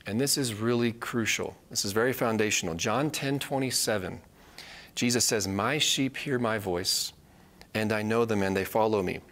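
A man's voice: on the low side, moderate pace, a bit bright. A man teaching a live Bible study, earnest and repeating key phrases for emphasis.

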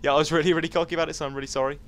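A man giving casual, jumpy let's-play commentary, talking to enemies and reacting out loud. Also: a little high, very fast, slight background noise. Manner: jumpy, excitable, talks to enemies. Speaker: gameplay commentator.

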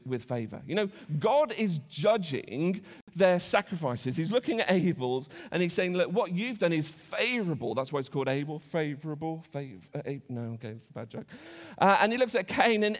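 A man preaching a conversational sermon in church, with frequent restarts and self-deprecating asides. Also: a little high. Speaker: pastor. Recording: church hall reverb.

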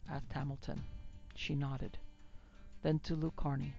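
Woman narrating an old western, flat steady read, gravelly voice, dull audio, faint music underneath. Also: low voice, a little slow. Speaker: narrator and producer. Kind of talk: storybook narration of a classic western.

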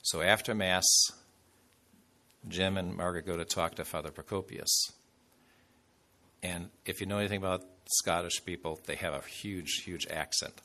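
Deep-voiced bishop preaching. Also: male voice, steady tone, moderate pace, long pauses, sharp tone. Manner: conversational, loose anecdotes with fillers. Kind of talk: storytelling sermon.

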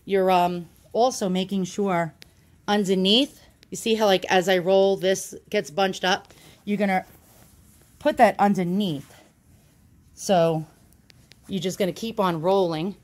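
A woman's voice: medium pitch, fairly even intonation, unhurried, long pauses, a little mellow. A chatty woman talks through a home demonstration, recorded indoors on a phone she holds in one hand. She is casual and self-deprecating, with lots of ums and uhs as she goes. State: out of breath at times. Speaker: YouTube channel host. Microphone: handheld phone.

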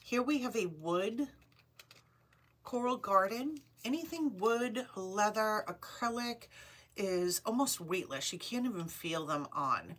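A woman's voice: mid-range voice, expressive, slow, a bit bright, husky. A woman hosting a live online jewelry sale, chatting upbeat and calling out item numbers. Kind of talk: live shopping stream chat.

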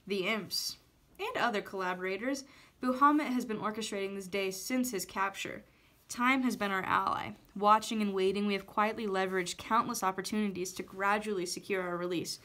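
Woman teacher, steady read-aloud of a novel chapter. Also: mid-range voice, fairly quick.

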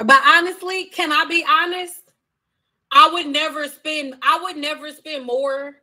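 Sassy woman chatting on her live stream, used to do hair for a living, high bright voice. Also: fairly even intonation, unhurried. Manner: sassy, chatty, talks straight to viewers. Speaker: hair vlogger answering live chat questions. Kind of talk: casual live-stream chat.

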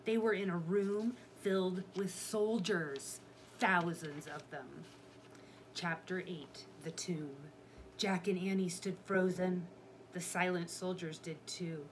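A woman reading a children's chapter book aloud in a steady storytelling manner. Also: fairly low pitch, slow, slight background noise. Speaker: reader.

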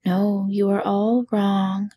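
A woman's voice: medium pitch, level tone, slow pace, dark tone, husky. A woman voicing a timid little old man who poses as a wizard, meek and trembling, in whispered role-play.

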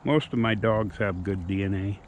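A man's voice: fairly low pitch, fairly even intonation, moderate pace, a little hiss or hum. A plainspoken, folksy man chatting casually outdoors while working with his dogs. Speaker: dog owner and trainer. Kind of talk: casual vlog chat.

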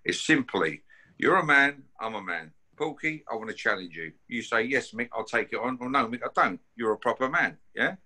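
A man's voice: medium pitch, animated, normal speed, pushed and bright, husky. A man issuing a combative challenge to camera, blunt and full of swearing, who keeps tagging his sentences with "yeah?" and "mate". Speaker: bare-knuckle fighter issuing a challenge. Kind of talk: confrontational call-out to camera.

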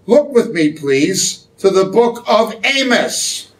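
Man teaching Scripture, high voice, slow and deliberate, checks in with "okay?", distant from the mic. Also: big pitch swings. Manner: explains slowly, with frequent checking "okay?". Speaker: Bible teacher. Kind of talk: sermon-style Bible teaching. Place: church hall.

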